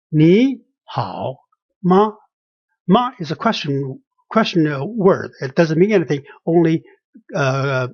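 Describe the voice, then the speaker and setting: A Chinese language teacher explains a lesson on tones, speaking slowly and haltingly in a slightly high male voice. He uses many fillers and repeats words to model pronunciation. The recording is dull, lo-fi, and dry.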